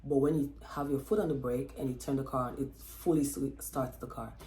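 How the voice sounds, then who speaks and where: A woman vlogger telling a personal story in a chatty, expressive way, with lots of fillers and acted-out quotes. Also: extremely low pitch, brisk, reverberant, faint music behind. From Texas. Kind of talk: casual storytelling vlog.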